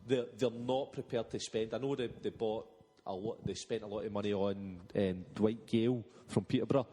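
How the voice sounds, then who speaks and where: A man in a podcast's casual sports banter, talking haltingly with many restarts. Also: lowish voice, fairly even intonation, mellow, long reverb tail. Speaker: podcast regular.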